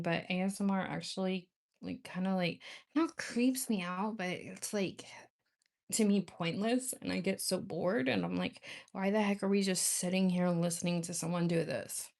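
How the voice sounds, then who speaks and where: A woman's voice: on the low side, gravelly. A woman chatting casually with viewers on a livestream, rambling and laughing often. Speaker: nail art livestream host.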